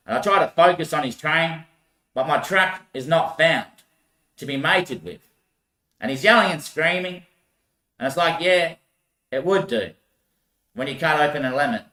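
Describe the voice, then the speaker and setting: Man, rambling monologue, laughs a lot, bright voice, echoey room. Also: fairly high pitch, normal speed, pauses often. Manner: rambling, laughs often, swears.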